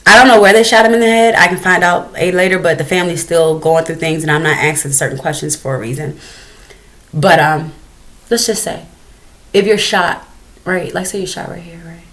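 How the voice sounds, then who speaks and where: A woman's voice: on the low side, fairly even intonation, a little fast, a bit bright, low-quality recording. Angry profane woman commentator. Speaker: commentary host. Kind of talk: reaction commentary.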